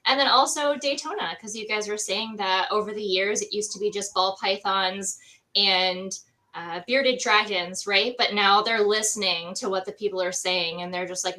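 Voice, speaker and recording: A woman's voice: mid-range voice, bright, forceful tone, poor audio. A woman co-hosting a casual podcast, summing up the episode in an upbeat, earnest way. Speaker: co-host.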